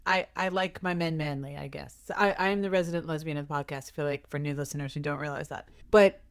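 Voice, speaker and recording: A woman in her thirties co-hosting a podcast in a casual, animated chat, laughing often. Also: fast, smooth, no echo. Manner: animated, laughs often, jumps into pitch on quoted lines. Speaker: podcast co-host.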